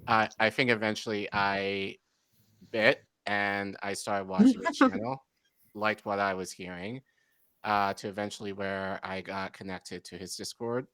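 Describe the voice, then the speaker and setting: A man in his forties, a guest on a casual video-call panel, talking in a relaxed, hesitant way with many fillers. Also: fairly low pitch, a little slow, clear, resonant tone, dry recording. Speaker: guest, preschool teacher.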